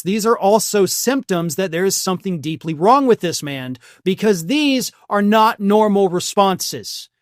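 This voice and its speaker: A man's voice: high-pitched, no echo, studio quality. A man hosting a political commentary show, talking in a scornful, heated and mocking way. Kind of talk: opinionated news commentary.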